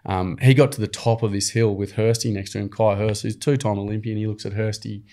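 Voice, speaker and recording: A man's voice: lowish voice, fast. Earnest Australian man telling stories. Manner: earnest, slangy, animated storytelling. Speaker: podcast guest, program founder. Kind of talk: casual storytelling.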